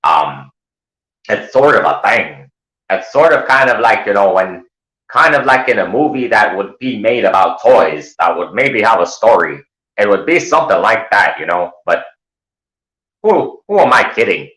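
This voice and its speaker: A male host chatting casually, rambling and animated, slipping into loud mocking voices. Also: lowish voice, moderate pace, reverberant, rough recording. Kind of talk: casual chat.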